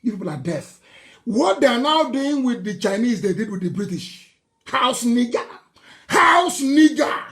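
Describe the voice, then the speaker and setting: A man's voice: high voice, animated, moderate pace. Fiery, mocking Nigerian man. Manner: fiery, mocking, laughing, shouting at times. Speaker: political broadcaster. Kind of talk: impassioned live broadcast speech.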